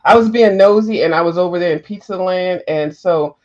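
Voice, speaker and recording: A woman's voice: fairly low pitch, fairly quick, darkish tone, soft background music. A woman calling into a livestream, telling gossip in a chatty, profane way. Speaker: caller on a livestream. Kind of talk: casual gossip. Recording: dull lo-fi call audio.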